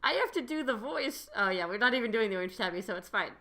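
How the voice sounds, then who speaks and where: A woman co-hosting a podcast in casual chat, playful and quick with nerdy corrections. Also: a little high, expressive, bright, forceful tone. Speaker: podcast co-host.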